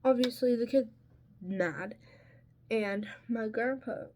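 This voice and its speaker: Woman vlogger with a slightly high voice and an unhurried, filler-laden storytime delivery, and a faint hiss behind her. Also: dark tone. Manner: chatty, peppered with "like" and "um". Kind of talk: casual storytime while getting ready.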